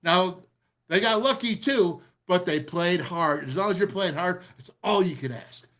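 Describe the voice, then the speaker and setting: Excitable man, high voice, football film breakdown, rambling and pumped up, middle-aged. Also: a little slow. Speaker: radio show host breaking down game film.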